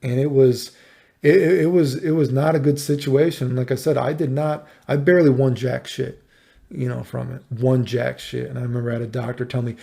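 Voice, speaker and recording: A man in his thirties, rambling through a personal story with a gravelly edge and a dark, relaxed tone. He swears freely and sounds exasperated as he retells it in a casual vlog manner. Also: medium pitch, brisk. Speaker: vlogger.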